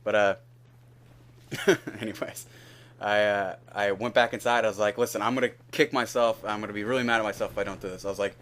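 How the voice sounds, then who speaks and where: Rambling young man, low voice. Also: steady tone, a little fast, fairly bright tone. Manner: rambling, candid, swears freely, acts out both sides of a conversation. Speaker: gaming video host. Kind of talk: casual gameplay commentary storytelling.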